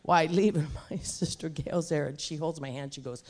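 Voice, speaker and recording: A middle-aged woman preacher delivering a sermon. She speaks emphatically and with lively animation, and she slips easily into humorous personal stories. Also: low-pitched, moderate pace. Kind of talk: sermon with comic storytelling.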